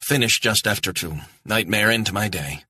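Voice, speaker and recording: A man's voice: on the low side, normal speed, pushed and bright, breathy edge, dry recording, studio quality, voice pushed up, exaggerated voice. A man voicing a young, educated Scottish woman who is stranded and apologetic, speaking in a pleading, earnest way. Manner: pleading, rising urgency, apologetic.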